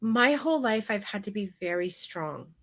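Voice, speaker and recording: A middle-aged woman teaching a live photography class, telling stories in a frank, animated way with casual swearing. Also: mid-range voice, normal speed. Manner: frank and animated, with mild profanity.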